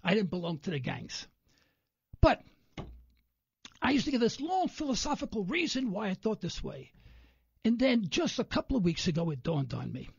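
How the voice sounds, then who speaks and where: Animated, gravelly New storyteller. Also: male voice, high-pitched, moderate pace, long pauses, no room sound. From New York. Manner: animated storyteller, acts out quoted people. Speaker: radio show guest. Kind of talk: rambling anecdotal radio interview. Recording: dull lo-fi radio audio, dry.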